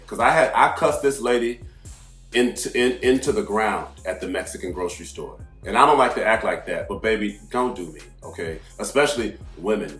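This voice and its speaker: A brash, foul-mouthed man tells a long story at the mic, swinging from low asides into loud, heated outbursts. His voice sits on the lower side and rings in an echoey room. Faint music plays underneath. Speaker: astrology channel host. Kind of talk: casual storytelling monologue.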